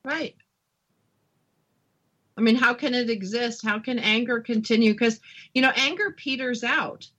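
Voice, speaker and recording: A woman's voice: a little high, measured pace, long pauses, pushed and bright, husky, muffled recording. A woman hosting a talk show, agreeing with her guest and adding brief reflections. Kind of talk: conversational interview.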